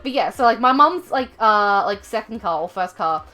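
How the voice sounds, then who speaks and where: A young woman livestreaming from home, telling a rambling story full of fillers and self-corrections in a chatty, expressive way. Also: mid-range voice, moderate pace, faint music behind. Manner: chatty and expressive, laughing at her own story. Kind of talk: casual livestream chat.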